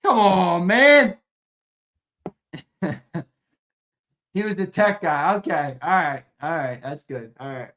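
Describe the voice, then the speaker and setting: A man's voice: high voice, takes it slowly, long pauses. A man hosting a sports talk show, chatting casually with viewers, cursing often and joking as he reacts to comments. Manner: profane, excitable ranting with sudden loud outbursts; jokey banter, reacting to comments and laughing. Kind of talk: casual livestream chat with viewers.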